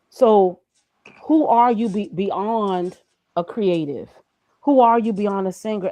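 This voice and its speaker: A woman who is a graphic designer appears as a guest in a conversational interview, speaking emphatically and preachily while firing off rhetorical questions. Her voice is medium-pitched and warm; the audio is poor, with no room sound.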